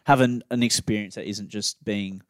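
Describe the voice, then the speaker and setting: A man's voice: lowish voice, fairly even intonation, moderate pace, no echo, studio quality. A young Australian man co-hosting a podcast, rambling casually with lots of fillers and restarts. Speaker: podcast co-host. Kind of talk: casual chat.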